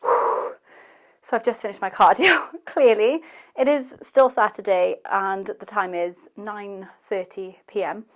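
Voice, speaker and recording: A young woman vlogs casually to camera, chatty and rambling with a self-deprecating manner. She's out of breath after cardio, speaking a little slowly in a mid-range voice.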